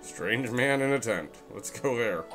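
A man plays through an old role-playing game and reads every line of dialogue aloud in an even, ordinary middle-pitched voice, dropping dry, deadpan asides between the lines. He laughs easily at the game. Soft music runs faintly under his voice. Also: measured pace. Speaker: gamer playing and reading dialogue. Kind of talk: let's play commentary reading game text aloud.

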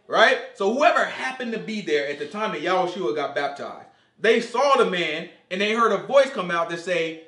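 Animated male Bible teacher, echoey room. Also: high voice, brisk. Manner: animated, quizzes listeners, acts out dialogue. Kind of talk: casual Bible study teaching.

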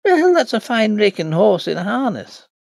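A man's voice: high voice, very animated, creaky, no echo, clean studio sound, pitched above the performer's own voice, heavily acted. A man doing a sing-song Irish horse-dealing landlord. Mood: coaxing. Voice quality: slow sing-song brogue. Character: easygoing Irish country landlord, male horse dealer.

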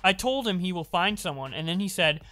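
A man's voice: high voice, animated, brisk, pushed and bright, soft background music. A man streaming commentary, reading documents aloud with a mocking, exasperated manner and exaggerated voices.

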